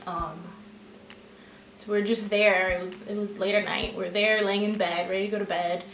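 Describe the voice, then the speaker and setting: A woman's voice: mid-range voice, normal speed, faint music behind. Chatty young woman in an echoey room. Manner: chatty, filler-heavy, quotes herself with "I'm like". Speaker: vlogger. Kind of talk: casual personal storytelling.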